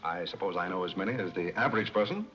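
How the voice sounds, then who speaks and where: An actor playing a dignified, reserved butler who speaks in a polite, measured, formal way in a 1930s film comedy. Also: male voice, sits low, fairly bright tone. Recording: muffled 1930s film soundtrack with music.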